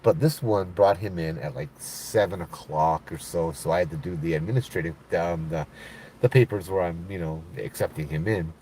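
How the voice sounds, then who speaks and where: Deep-voiced man telling a ghost story. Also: moderate pace, dark tone, slight background noise. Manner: conversational, frequent "you know" and "right?". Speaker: storyteller, former mental health worker. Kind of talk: casual spoken ghost story.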